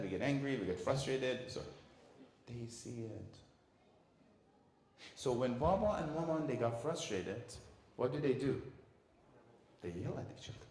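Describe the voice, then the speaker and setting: A man giving a talk on parenting to an audience. He is lively, asks the room questions and acts out the voices of parents and children. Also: medium pitch, slight background noise. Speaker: lecturer at a community centre. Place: community centre hall. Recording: echoey hall.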